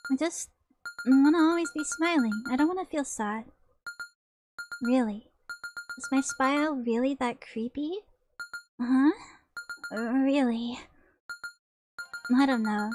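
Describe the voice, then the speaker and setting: A woman voicing an odd, childlike young woman who is a murder suspect, talking in a soft, halting, naive way. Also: sits high. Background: background music.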